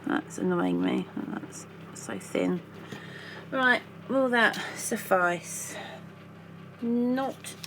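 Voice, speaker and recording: A woman's voice: a little high, huge pitch swings, extremely slow, pauses often, background noise. Chatty woman baking at home. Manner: chatty, playful, makes up silly rhyming words. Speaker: baking vlogger. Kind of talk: casual chat while baking. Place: home kitchen.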